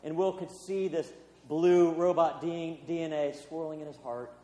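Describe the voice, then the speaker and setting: A man's voice: on the high side, steady tone, moderate pace, mellow. Man preaching in an echoey hall. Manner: conversational storytelling with fillers. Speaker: pastor. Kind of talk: sermon. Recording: echoey hall with long reverb.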